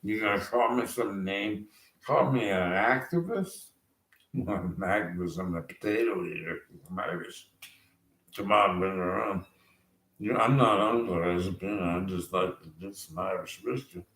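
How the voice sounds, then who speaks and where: A man's voice: sits low, normal speed, fairly bright tone. A man on a rambling political rant, sarcastic and chuckling often, recorded in an echoey room. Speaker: vlogger.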